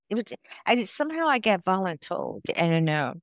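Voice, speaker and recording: A woman in her sixties from Chicago, a guest on a podcast, telling stories in a casual, animated way. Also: medium pitch, fairly quick, few pauses, no room sound. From Chicago, USA. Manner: storytelling, animated, laughs often. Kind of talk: casual interview chat.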